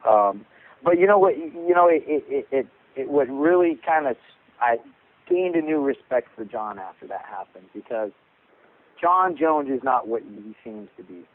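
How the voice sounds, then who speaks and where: A man's voice: medium pitch, expressive, moderate pace. A man, a boxing coach calling in to a podcast, tells a story in a rambling way. He stumbles over repeated words and acts out quotes along the way. His voice comes through a tinny, phone-like line. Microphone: phone call.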